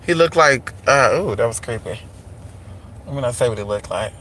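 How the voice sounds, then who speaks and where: A man's voice: mid-range voice, animated, normal speed, a bit bright. A man chatting sassily and animatedly while vlogging from his car. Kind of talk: casual car vlog. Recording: traffic noise behind. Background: road traffic.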